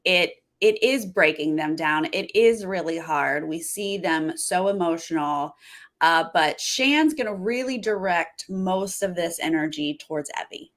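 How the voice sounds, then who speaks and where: A woman with a slightly low voice, co-hosting a casual recap chat. She jokes along and slips into playful voices for quotes. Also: animated, a little slow. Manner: chatty, jokes and acts out quotes. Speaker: podcast co-host.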